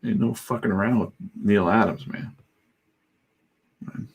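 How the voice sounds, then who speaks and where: A man's voice: lowish voice, measured pace, husky. A middle-aged man, a comic artist, chatting in a rambling, irreverent way on a livestream while he works, swearing freely. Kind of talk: casual livestream chat.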